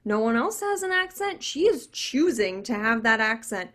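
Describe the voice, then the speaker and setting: A woman's voice: on the high side, sing-song, moderate pace, fairly bright tone. A woman reading a brash, drunk young woman in the afterlife, sarcastic and slurring, at a video call table read.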